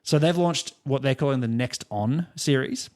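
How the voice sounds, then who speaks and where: A man's voice: mid-range voice, normal speed, darkish tone. An Australian man co-hosting a music podcast, chatting casually and telling rambling stories with many fillers and laughs. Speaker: podcast co-host. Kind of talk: casual chat.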